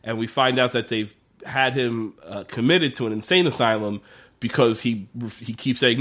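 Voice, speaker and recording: A podcast co-host, a man with a medium-pitched, slightly bright voice, talks at a normal speed. In casual chat he recaps a TV episode, acting out the characters' lines amid plenty of swearing and laughter.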